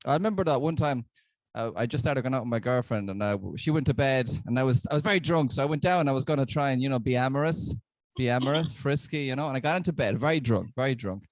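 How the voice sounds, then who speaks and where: A man's voice: medium pitch, lively intonation, fast talker, no echo. Dry-voiced Irish man doing stand-up. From Ireland. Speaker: stand-up comedian. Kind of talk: stand-up set.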